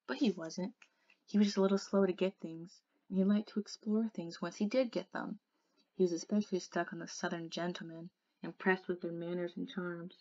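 A woman reading a novel aloud in an expressive way, softening to a hush in the quiet passages. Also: lowish voice, brisk. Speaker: audiobook reader. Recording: dull lo-fi recording.

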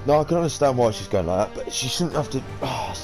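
A man's voice: mid-range voice, lively intonation, quick pace, music in the background. A man giving casual, slangy gameplay commentary, chatty and blunt. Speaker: gamer streamer.

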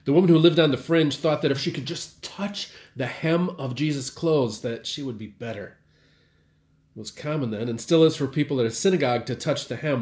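A man's voice: mid-range voice, normal speed. A man, a pastor, gives a short sermon-style church news update, telling a story wryly with shifts in volume for emphasis.

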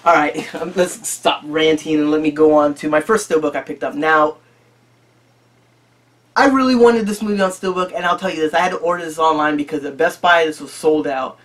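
Casting: male vlog host, slightly high voice, loose rambling delivery, profane and jokey. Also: a little fast, fairly bright tone. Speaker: YouTube collector channel host. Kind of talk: casual chat.

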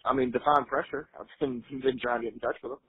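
A young man speaks quickly on a recorded phone call, frustrated and defensive, swearing freely. His voice is husky. The line is thin and tinny like a phone. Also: medium pitch, fairly even intonation, dry recording. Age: young adult. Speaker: son on a jail phone call.

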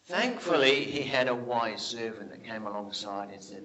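A man preaching a sermon, telling Bible stories with lively questions to his listeners and dropping his voice low and soft for quoted speech. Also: moderate pace, hardly any pauses, slight background noise, rough recording. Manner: animated storytelling, drops to a hush for quoted lines; asks the congregation rhetorical questions.

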